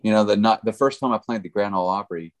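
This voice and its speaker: A middle-aged country musician, appearing as a guest, tells stories in casual chat with a lowish voice and a fast delivery. His storytelling is laid-back and rambling, full of fillers.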